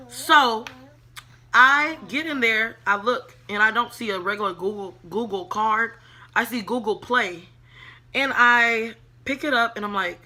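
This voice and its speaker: Bright-voiced woman telling a storytime. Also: on the high side, a little slow, slight background noise. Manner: animated, swings into whispers when quoting herself; profane, chatty, addresses viewers as y'all. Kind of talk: casual storytime.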